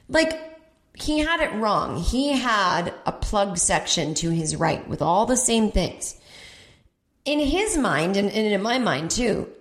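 A woman comedian and podcast host telling a comedic story, animated and acting out voices with big jumps in pitch. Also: reverberant. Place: home in Brooklyn.

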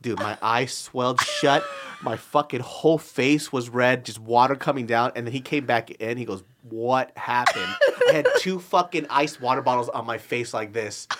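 A young man on a podcast, co-hosting and telling animated stories in casual chat, swearing and saying "dude" often. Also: medium pitch, moderate pace, a little hiss or hum. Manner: animated storytelling, swears a lot, says "dude" and "bro". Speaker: podcast co-host.

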